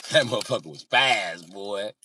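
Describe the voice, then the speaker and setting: Animated, profane male storyteller. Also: fairly low pitch, slight background noise. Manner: animated, profane, acts out sounds and voices. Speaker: live streamer. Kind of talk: casual storytelling.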